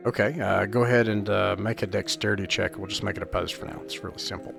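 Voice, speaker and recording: Gravelly male game master, halting. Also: lowish voice, fairly even intonation, music in the background. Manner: casual, halting, many fillers. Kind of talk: narrating a tabletop game online. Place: home setup on an online call.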